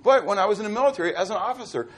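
Middle-aged man, pastor from Pittsburgh: a high, expressive sermon voice that asks the congregation questions. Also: racing. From Pittsburgh, USA. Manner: animated, quizzes the congregation with fill-in questions.

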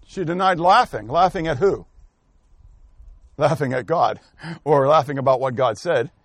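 This fairly high-pitched man runs an interactive scripture lesson at a moderate pace, with no echo in the recording. He poses questions to the class, calls on people by name, and thinks aloud, correcting himself along the way.

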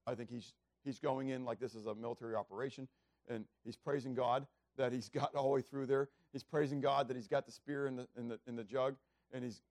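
Pastor, male, mid-pitched, preaching casually with dramatic shouted bits, dry room. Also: no echo. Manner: conversational preaching with rhetorical questions; acts out biblical speeches with loud raised voice. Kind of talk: sermon.

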